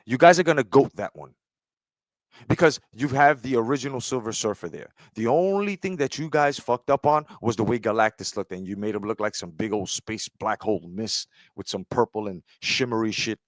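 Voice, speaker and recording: Man, heated profane rant, keeps asking right, very lively pitch, dry close sound. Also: no room sound. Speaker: commentary streamer. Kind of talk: ranting commentary.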